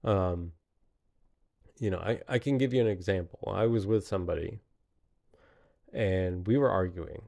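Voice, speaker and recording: Low-voiced man musing aloud. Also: unhurried, creaky, pauses often, a little mellow. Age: 30s. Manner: rambling, laughs often at himself. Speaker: podcaster. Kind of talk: reflective monologue.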